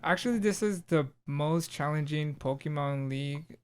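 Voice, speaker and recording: A man's voice: a little high, normal speed, clear, resonant tone. A man co-hosting a casual podcast, chatting in a loose, rambling way with lots of fillers and restarts. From Southern California. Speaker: podcast co-host. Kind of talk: casual chat.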